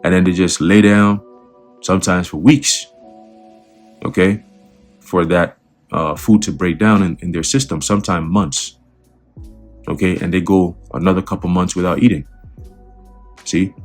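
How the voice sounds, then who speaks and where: A man's voice: deep voice, fairly even intonation, a little slow, pauses often, soft background music. A man giving casual religious and political commentary in a conversational way, repeating words and checking in with the listener. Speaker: online commentator.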